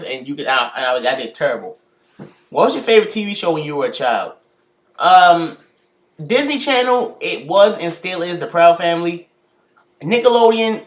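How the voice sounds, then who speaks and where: A teenage guy with a fairly high voice that rises and falls a lot as he talks. He reads each question aloud, then answers with plenty of hesitant pauses, chatting casually straight to his viewers in a vlog. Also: fairly bright tone. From United States. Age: teens. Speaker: YouTuber.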